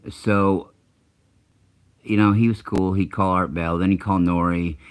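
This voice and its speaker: A channel host, a middle-aged man with an extremely low, rumbling voice, tells a long personal story in a casual, conversational way. He swears freely, doubles back and restarts sentences, yet his tone stays steady, smooth and a little slow.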